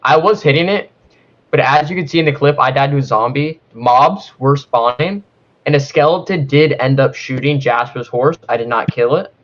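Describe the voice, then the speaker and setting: A man's voice: mid-range voice, moderate pace. A man defending himself in a mock trial with friends, hesitant and full of "um" and "uh" while reaching for formal phrasing. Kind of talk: casual mock-courtroom defense. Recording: slightly dull lo-fi mic.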